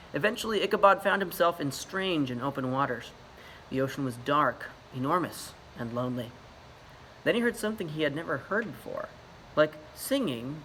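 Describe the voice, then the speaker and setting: A man, the author, reading a picture book aloud in a lively, self-mocking storytelling manner. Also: a little high, a little hiss or hum.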